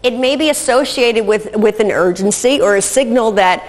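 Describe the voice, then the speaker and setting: A woman's voice: a little high, normal speed, hardly any pauses, in a large hall. A woman giving a recorded lecture as an instructor, methodical and often checking in with "okay".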